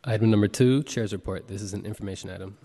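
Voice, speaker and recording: Clerk guy reading roll call fast, lowish voice, chamber echo. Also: steady tone, dark tone. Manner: brisk, formal and procedural. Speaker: board clerk. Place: legislative chamber in city hall. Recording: long reverb of a large chamber.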